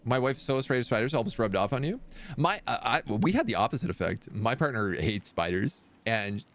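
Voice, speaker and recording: Brisk and very animated, this man's medium-pitched voice has a fairly bright tone. Streaming a strategy game from a room at home near a window, he offers casual commentary, chatting and rambling playfully between moves.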